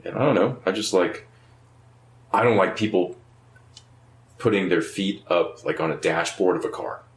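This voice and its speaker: Deep-voiced man, blunt, far in echoey room. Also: moderate pace. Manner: blunt, laid-back, swears casually. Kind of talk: casual chat.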